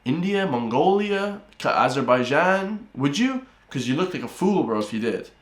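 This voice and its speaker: A man's voice: on the high side, big pitch swings, moderate pace. An Irish man hosting a reaction video, ranting and calling his viewers guys and bro. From Ireland. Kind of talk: reaction commentary. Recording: roomy echoey room.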